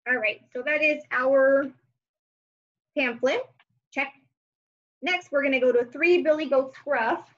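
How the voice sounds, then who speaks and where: A woman teacher walking young children through homework, thinking aloud with gentle hums and fillers. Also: high voice, slow, long pauses, muffled recording.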